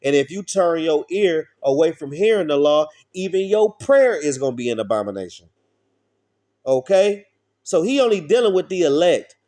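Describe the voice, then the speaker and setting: A man's voice: a little high, big pitch swings, normal speed, mellow. A man preaching an informal street sermon, blunt and profane, often asking his listeners questions.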